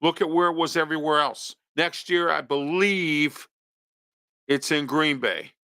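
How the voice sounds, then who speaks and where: Indignant man, bright and high. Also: unhurried, clear, resonant tone, no echo, studio quality. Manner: indignant, scolding, repeats rhetorical questions. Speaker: local talk show host. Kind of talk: opinion commentary.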